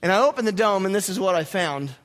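Animated storytelling man, high bright voice. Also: fast. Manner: animated storytelling with self-mocking humor. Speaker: pastor. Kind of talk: sermon story.

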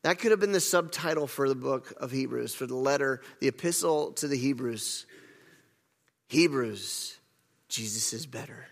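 A man's voice: mid-range voice, fairly quick, vocal fry, few pauses. A man preaching a sermon as pastor, earnest, often repeating words and restarting phrases. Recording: long hall reverb.

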